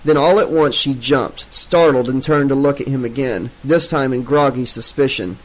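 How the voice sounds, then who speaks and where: A man narrating an unabridged audiobook in a steady, even storytelling manner. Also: mid-range voice, moderate pace, poor audio.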